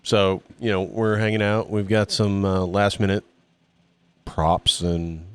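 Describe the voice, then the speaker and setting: A man's voice: on the low side, little pitch movement, takes it slowly, fairly bright tone, clean tone. A man co-hosting a band podcast, talking casually about the band's plans with dry wordplay jokes. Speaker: podcast co-host, band member. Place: band practice space.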